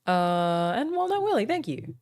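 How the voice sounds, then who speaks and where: A woman from Australia, speaking, chats casually with her stream viewers, thanking them by name between stretches of talk with frequent "um" pauses. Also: on the high side, big pitch swings, a little mellow.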